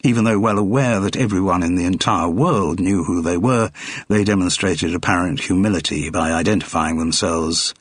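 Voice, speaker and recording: A man reading a mystery audiobook in a measured narrating style. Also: sits low, breathy edge, dry recording. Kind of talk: scripted narration.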